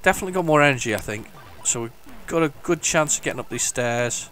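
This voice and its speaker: A man's voice: medium pitch, animated, fast talker, a bit bright, a little hiss or hum. A man giving casual, enthusiastic commentary while playing an old computer game, rambling and restarting his sentences. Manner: hums the game tunes along. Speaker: retro gaming video host. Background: faint retro game music.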